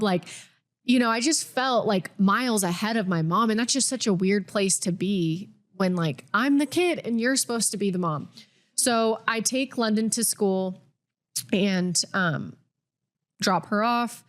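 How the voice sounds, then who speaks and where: A woman's voice: medium pitch, unhurried. A woman in her twenties, a podcast co-host, telling a personal story candidly with lots of "like.". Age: 20s. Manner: candid, filler-heavy with frequent "like".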